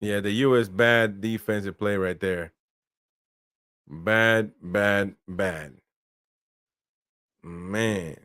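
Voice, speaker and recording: Smooth casual watchalong host, man. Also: fairly low pitch, very slow, long pauses, fairly bright tone, dry recording, studio quality. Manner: casual play-by-play, talks to viewers, laughs often. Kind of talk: live match commentary and chat reading.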